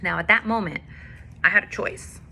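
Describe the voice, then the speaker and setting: A woman's voice: on the low side, moderate pace, vocal fry, sharp tone. Candid woman sharing a faith testimony. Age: adult with a daughter. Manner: candid, confessional, emotional storytelling. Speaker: faith vlogger. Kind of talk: personal testimony vlog.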